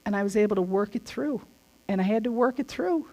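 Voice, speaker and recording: Middle-aged woman teaching, talks earnest and emphatic, casual chatty delivery, mid pitch. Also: fairly quick, warm tone.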